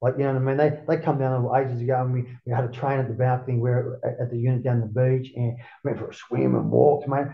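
An Australian man, a former surfer being interviewed, telling stories casually, swearing a lot and jumping up in pitch to act out what people said. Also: fast talker, vocal fry, hardly any pauses, echoey room, phone-quality sound. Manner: animated, swears constantly, acts out quotes in a raised voice. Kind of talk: casual storytelling.

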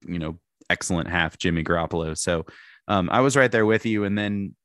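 A young man back on a podcast, chatting casually about football, animated and laughing, with frequent restarts. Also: sits low, brisk, dry recording, clean studio sound. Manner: animated, restarts often, laughs while talking. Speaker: podcast co-host. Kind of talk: casual sports chat.

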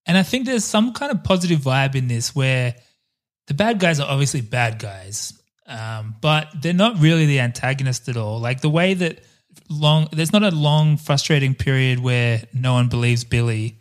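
A man's voice: medium pitch, animated, normal speed. A man co-hosting a casual film podcast, enthusiastic, laughing often and swearing freely. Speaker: podcast co-host. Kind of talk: casual chat.

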